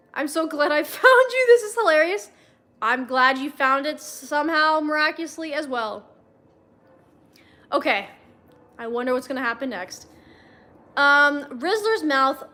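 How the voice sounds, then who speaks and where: A woman's voice: high voice, bright, forceful tone. A young woman on a livestream reading fanfiction aloud, breaking off for wry, chatty comments to her viewers. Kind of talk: casual read-aloud with chat asides.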